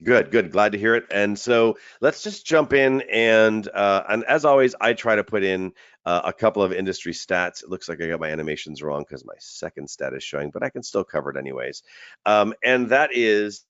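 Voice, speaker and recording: A man's voice: on the low side, animated, moderate pace, a bit bright, no echo. A man hosting a training webinar, chatty and rambling, often restarting his sentences. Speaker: webinar host. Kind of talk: casual webinar presenting. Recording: dull lo-fi web call audio.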